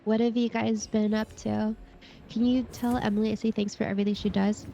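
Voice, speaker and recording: A woman's voice: mid-range voice, little pitch movement, a little fast, vocal fry, warm tone. Congested woman reading stream chat. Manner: friendly, reads and thanks chat. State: congested, breathing through mouth. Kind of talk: casual live-stream chat. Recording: dull lo-fi mic with faint noise.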